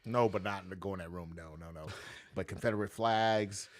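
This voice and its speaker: A man with a somewhat low voice tells stories casually as an interview guest. He talks with energy and switches his pitch sharply when he imitates the people in his stories. His tone is relaxed and conversational. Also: normal speed. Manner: animated, acts out quoted voices with big pitch jumps. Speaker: notary business owner, guest.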